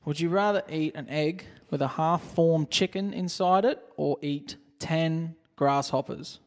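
A man's voice: a little high, a little slow, long reverb tail. A man, reading would-you-rather questions and teasing his friends in a casual podcast chat. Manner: teasing, laughing.

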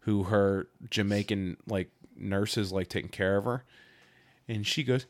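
A man's voice: fairly low pitch, unhurried. A man co-hosting a comedy podcast, chatting casually and telling crude stories. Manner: crude, storytelling, animated. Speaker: podcast co-host.

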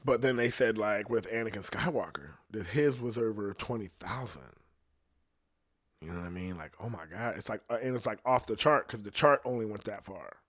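A man's voice: lowish voice, brisk, a bit bright. A man, a singer, in a loose, rambling monologue, full of swearing and meandering asides. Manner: profane, meandering, laid-back storytelling. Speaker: singer talking on a podcast.

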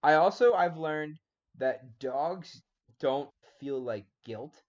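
A man's voice: on the high side, animated, takes it slowly. Playful teasing man, muffled sound. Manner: playful, teasing, filler-heavy. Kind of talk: casual chat.

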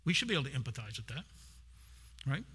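A man's voice: mid-range voice, very animated, fast talker, fairly bright tone, breathy edge. A man preaching a sermon, retelling a scripture story and acting out its people. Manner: storytelling, acts out the woman's voice. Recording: long hall reverb.

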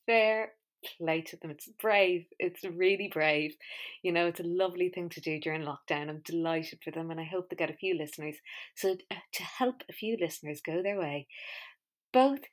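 A woman's voice: fairly low pitch, normal speed. A woman hosting a podcast in a chatty, wry, self-mocking monologue. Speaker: podcast host. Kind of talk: casual monologue.

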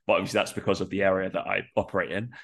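A man's voice: deep voice, flat delivery, very fast, gravelly, fairly bright tone, slightly rough. A man with a nasal, congested voice, a personal trainer chatting casually on a podcast in a rambling way full of fillers.

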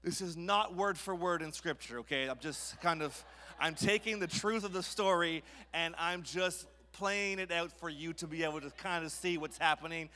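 Male preacher, high bright voice, jokey storytelling sermon, church hall reverb. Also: normal speed. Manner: playful, jokey, acts out scenes. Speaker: guest preacher. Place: church sanctuary.

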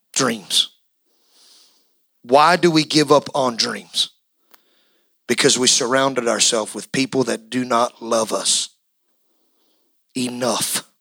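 A male pastor delivering an impassioned sermon, swinging from quiet talk to shouting. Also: mid-range voice, creaky, slightly rough, no room sound, rough recording.

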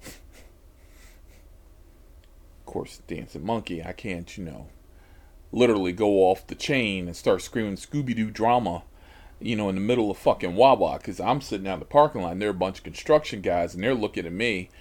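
A man's voice: on the low side, brisk, a little mellow. A man hosting a podcast, telling a story from his rideshare driving in an exasperated, heavily profane way. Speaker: podcast host and rideshare driver.

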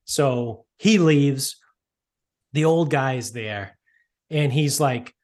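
A man tells a rambling story in casual chat, peppered with swearing and filler. His voice sits at an ordinary middle pitch, and he keeps the telling loose and animated. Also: slow, long pauses. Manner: profane, rambling, animated retelling.

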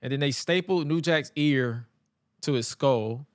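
A man co-hosting a podcast and recapping wrestling in a casual, animated way. He stammers and acts out quotes. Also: on the high side, measured pace, no room sound, studio quality. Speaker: podcast co-host.

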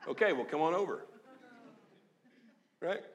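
A man in his fifties, a pastor giving a lively, joking, conversational sermon in a church. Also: on the high side, measured pace, highs cut off. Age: 50s. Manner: animated, joking, conversational preaching. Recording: long echo of a large hall.

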